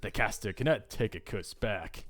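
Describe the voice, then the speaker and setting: A man's voice: fairly low pitch, expressive, moderate pace, fairly bright tone. A man voicing a scheming female witch who mocks and scorns, as he reads a visual novel aloud. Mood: scornful. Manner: mocking, scornful.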